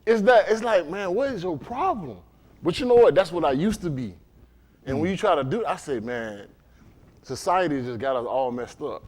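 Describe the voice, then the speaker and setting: A man from Florida preaching a casual, conversational sermon in an animated way, sometimes mimicking other people. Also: on the high side, moderate pace. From Dade County, Florida.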